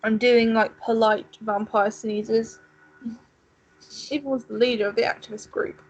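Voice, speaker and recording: A woman talking her way through a video game, reading on-screen text and musing on it. Her voice sits a touch high. A faint noise hangs in the background. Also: little pitch movement, measured pace, a little mellow, dull audio. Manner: chatty, muses aloud while reading game text. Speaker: let's play co-host. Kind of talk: casual gaming commentary.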